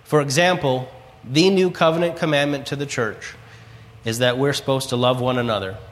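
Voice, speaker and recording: A man's voice: mid-range voice, moderate pace, in a large hall. A man preaching a sermon, earnestly telling a story and quoting scripture. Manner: earnest storytelling, quotes scripture and his own prayers.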